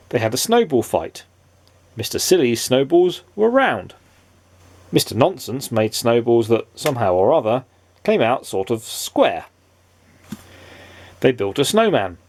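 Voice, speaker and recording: Dad reading a storybook aloud, playful and very expressive, with a gravelly texture. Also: male voice, mid-range voice, no echo. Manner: animated, playful asides to a child listener.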